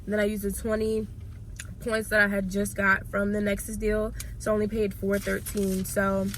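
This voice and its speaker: A woman's voice: medium pitch, completely flat delivery, normal speed, a little hiss or hum. A young woman who is a little sick, chatting casually to her viewers from her car and counting off her shopping finds. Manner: chatty, tallies items aloud, addresses viewers directly. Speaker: couponing vlogger. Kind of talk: casual vlog chat. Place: parked car.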